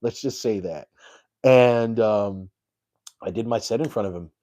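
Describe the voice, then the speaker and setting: A man's voice: lowish voice, unhurried, mellow. A young adult man, a comedian, telling a story on his live stream in a rambling, self-deprecating way full of fillers.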